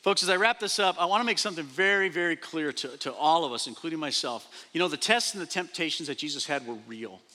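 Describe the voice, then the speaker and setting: Guy pastor preaching, bit high voice, acts out the quotes, long echo in a big church hall. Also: fast talker, few pauses. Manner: animated preaching, repeats phrases, acts out quoted speech. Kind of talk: sermon. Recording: long reverb of a large hall.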